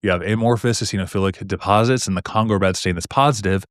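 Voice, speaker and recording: A man's voice: lowish voice, dry recording, studio quality. A young man teaching medical exam topics in a chatty, joking lecture style, full of rhetorical questions. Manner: fast, chatty, jokey, asks rhetorical questions. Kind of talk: casual recorded lecture.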